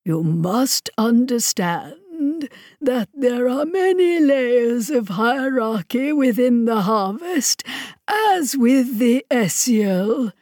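A woman voicing a pedantic alien male minister with an artificial old man's voice, speaking with grinding slowness. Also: fairly high pitch, animated, darkish tone, no echo, studio quality, voice pushed up. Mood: formal. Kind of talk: audiobook character voice.

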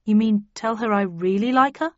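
A woman's voice: mid-range voice, normal speed, no room sound, lo-fi sound, natural voice. An earnest lovestruck young man, as a woman puts him on. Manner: hesitant then resolute.

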